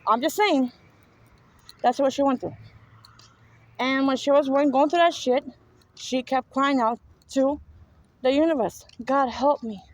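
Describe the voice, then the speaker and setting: A woman's voice: sits high, a little slow, long pauses, poor audio. A woman with a New York accent talking to viewers in a rambling, profane, repetitive monologue, speaking from a car. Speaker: spiritual vlogger.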